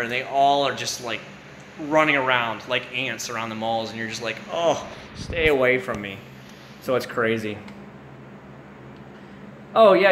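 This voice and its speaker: A man's voice: medium pitch, fairly bright tone. A man in his thirties, hosting a late-night livestream and chatting casually with his viewers. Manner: rambling, casual, chats with viewers by name. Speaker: livestream host. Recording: roomy echo with faint room noise.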